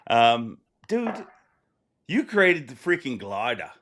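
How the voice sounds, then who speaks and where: A man hosting a podcast, chatting loosely with his guest, rambling through his thoughts with quick laughs. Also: mid-range voice, sing-song, fairly bright tone, slight background noise. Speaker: podcast host. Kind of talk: casual interview chat.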